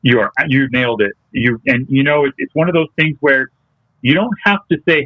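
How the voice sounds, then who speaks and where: A man's voice: medium pitch, brisk, no room sound. A male interview guest who talks in a casual, hesitant way and often stops to restart a thought. His voice comes through a narrow, tinny, phone-like line that sounds dry. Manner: hesitant, with many ums and restarts. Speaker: interview guest, detailing business owner. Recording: tinny, phone-like remote call audio.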